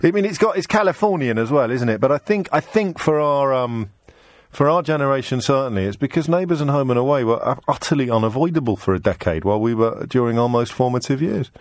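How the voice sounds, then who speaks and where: A man from England hosting a radio phone-in, quick and teasing as he chats with callers. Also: medium pitch, animated, no echo, studio quality. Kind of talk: casual radio phone-in banter.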